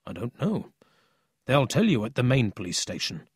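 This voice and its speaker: A man's voice: mid-range voice, sing-song, normal speed, husky, no echo, studio quality. A man voicing a strict police chief who speaks in curt, commanding bursts. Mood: stern.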